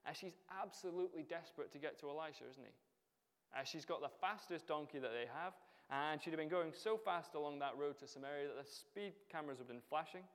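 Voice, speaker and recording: A man's voice: on the high side, fairly quick. A man preaching a sermon in a church, talking conversationally and asking his listeners rhetorical questions. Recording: long hall reverb.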